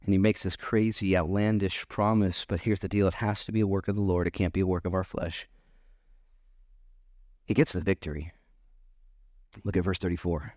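A man preaching a sermon at his church, animated and acting out bits of dialogue. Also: deep voice, normal speed, long pauses, no room sound, studio quality. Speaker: pastor.

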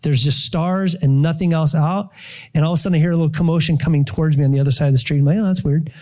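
A middle-aged pastor races through a testimony from the pulpit, his mellow, relaxed voice sitting a little higher than most men's. His storytelling is animated as he acts out his prayers and his surprise.

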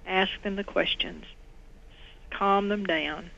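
A middle-aged woman, once the owner of a clinic, is a guest on an interview show, speaking slowly in a mid-range voice with a sharp edge. She earnestly recounts a personal story, raising her voice whenever she quotes other people. The audio is dull and lo-fi, with a faint layer of noise.

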